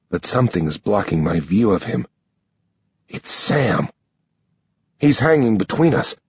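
Slow, husky male audiobook narrator. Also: mid-range voice, no echo, muffled recording. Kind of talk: scripted first-person narration.

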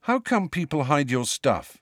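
A man's voice: fairly high pitch, very animated, unhurried, dry recording, clean studio sound, voice pushed up. A man voicing a troubled, earnest teenage boy wizard in an audiobook, hesitant and blunt.

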